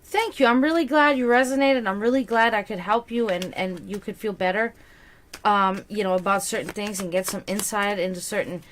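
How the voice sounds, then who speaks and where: There's slight background noise as the tarot reader, a woman with a mid-range, fairly even voice, talks fairly quickly through a live-streamed reading. She's tired and yawning but reassuring, using many fillers and repeating words often.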